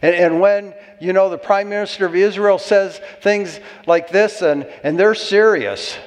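Guy preaching a sermon, kinda high voice, lots of amens, big hall reverb. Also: a little slow. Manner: exhorting, calls for amens. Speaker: pastor.

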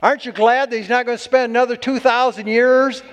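A man's voice: very high voice, steady tone, fairly quick, fairly bright tone. A man preaching a sermon to a congregation, exuberant and whooping between points. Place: church hall. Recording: long hall reverb.

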